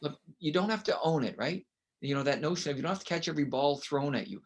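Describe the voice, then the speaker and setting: A man's voice: fairly high pitch, animated, fast talker. A man speaking as an interview guest, explaining with emphatic, coaching rhetorical questions. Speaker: guest educator. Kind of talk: conversational interview.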